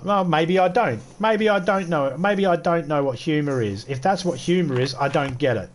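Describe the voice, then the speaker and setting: A man's voice: fairly high pitch, animated, moderate pace, slight background noise. A middle-aged Australian man streaming a game, ranting bluntly and swearing in casual chat. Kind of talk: casual rant while streaming.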